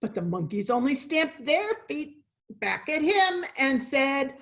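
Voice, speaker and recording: High animated woman doing theatrical storytime for little kids, slow, chats with them, whispers sometimes. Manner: animated, talks to young listeners, drops to whispers. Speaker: actress and teaching artist.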